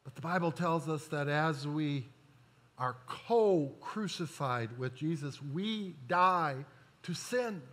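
Slow, bright-voiced man preaching. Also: fairly high pitch, animated. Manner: deliberate preaching with emphatic pauses and slowed key words; corrects himself mid-sentence. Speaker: pastor. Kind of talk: sermon.

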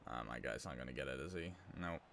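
A man's voice: very deep voice, fast, creaky, fairly bright tone. A man hosting a gaming video, chatting casually with viewers while he plays. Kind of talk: casual gameplay commentary.

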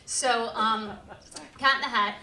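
A woman hosting a live storytelling show, telling comic stories in an animated, profane way and laughing often. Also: fairly high pitch, slow. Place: live venue stage with audience. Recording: roomy live hall from far off.

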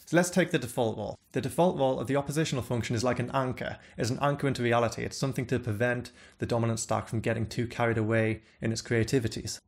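Formal man explaining a theory. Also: mid-range voice. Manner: formal, jargon-heavy, precise. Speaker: guest theorist. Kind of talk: explanatory monologue.

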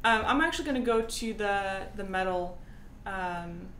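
A woman's voice: mid-range voice, normal speed, a bit bright. A woman playing in a tabletop game, speaking casually and hesitantly with many ums. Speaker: player. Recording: echoey room, faint noise.

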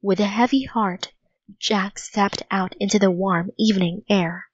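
A woman reading a children's storybook aloud in a clear, even, unhurried way, on a dull lo-fi recording. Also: mid-range voice, dry recording. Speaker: narrator.

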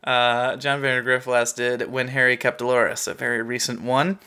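A man's voice: mid-range voice, level tone, normal speed, bright, forceful tone, smooth. A man co-hosting a casual podcast in an upbeat way, reading out episode facts and laughing often. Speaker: podcast co-host.

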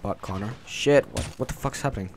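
Excitable swearing gamer over gunfire. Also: male voice, mid-range voice, brisk, heavy background noise. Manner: excitable, swears a lot, reacts out loud. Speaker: gaming channel host. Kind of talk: live gameplay commentary. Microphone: desk mic on a stand. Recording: loud gunfire under the voice. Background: shooter game gunfire.

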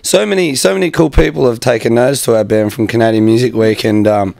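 A man's voice: medium pitch, quick pace, gravelly, a little mellow, dry recording. An Australian man in a touring rock band talks about songwriting. He sounds easy and agreeable. The recording is close and dry. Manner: easygoing, agreeable. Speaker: band member. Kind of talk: casual interview answers.

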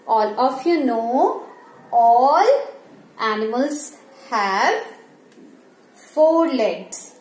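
A woman's voice: high-pitched, darkish tone. A woman teacher going over animals with young children, asking questions, answering them herself and imitating animal sounds. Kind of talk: slow classroom revision for young children. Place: school classroom. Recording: echoey room with faint ambient noise.

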